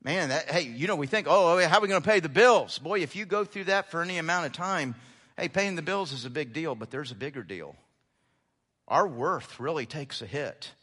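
A man preaching a sermon as pastor, emphatic, often repeating words and climbing sharply in pitch on his key lines. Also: expressive, moderate pace, sharp tone. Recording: long hall reverb.

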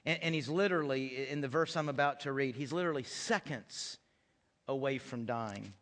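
A middle-aged man preaching a sermon in a church, swinging between loud emphatic lines and hushed soft ones, often repeating phrases and putting questions to the congregation. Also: medium pitch, moderate pace, big-room sound. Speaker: pastor. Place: church sanctuary.

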